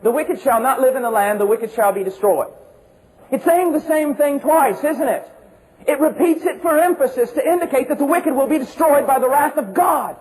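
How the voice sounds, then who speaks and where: High-voiced impassioned male preacher. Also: moderate pace, a little hiss or hum, low-quality recording. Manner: impassioned, emphatic, swings between shouting and hushed low tones; rhetorical questions and repetition. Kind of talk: sermon.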